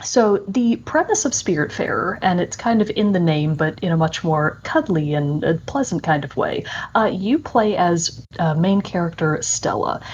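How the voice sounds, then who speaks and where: A woman's voice: fairly low pitch, lively intonation, moderate pace, breathy edge. A woman co-hosting a podcast, chatting enthusiastically about video games with many fillers. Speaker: podcast co-host. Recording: dull lo-fi audio.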